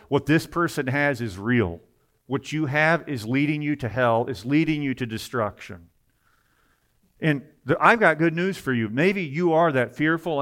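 Fervent male preacher. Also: medium pitch. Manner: rising to loud, fervent emphasis, with quick asides. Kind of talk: sermon.

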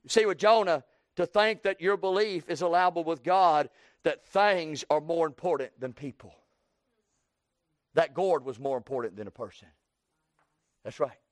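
A man preaching a sermon, building to loud emphatic runs and dropping low, with folksy plain phrasing. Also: normal speed, long pauses, dry recording, studio quality. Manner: preaching with swelling emphasis and sudden drops.

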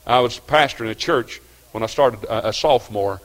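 An older man, preaching a sermon in a folksy storytelling way, dropping to quiet asides and rising to loud exhortation. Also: mid-range voice, moderate pace. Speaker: pastor.

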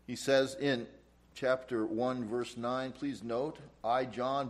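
A man's voice: mid-range voice, fairly even intonation, takes it slowly. A man preaching an expository Bible teaching, reading verses aloud and explaining them emphatically. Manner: emphatic, rising loud on quoted scripture.

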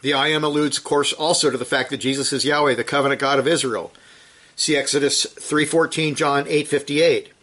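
Emphatic preacher with a slightly high voice. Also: male voice, fairly even intonation, fairly quick. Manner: emphatic, rising to forceful peaks then dropping low and quiet. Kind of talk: sermon teaching from scripture.

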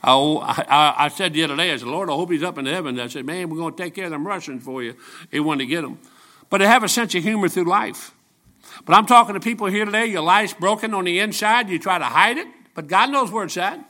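A seventy-year-old man preaching with a bright, forceful voice pitched a little high. He tells folksy stories and jokes, pressing his points with emphatic repetition. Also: quick pace. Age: 70s. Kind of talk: storytelling sermon.

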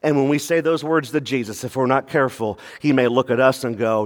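A pastor preaching a sermon, animated, with playful asides and quick mock voices. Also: male voice, mid-range voice, long reverb tail.

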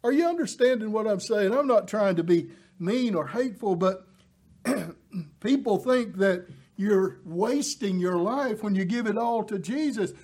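A middle-aged male preacher delivers a sermon in a high, unhurried voice. He builds to emphatic, impassioned peaks, then slips into folksy asides full of filler words. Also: lively intonation, darkish tone.

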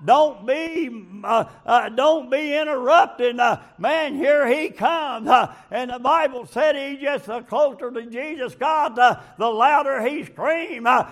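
A man preaching a sermon, leaning on a filler before each phrase and building up to shouting. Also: very high voice, a little slow, few pauses.

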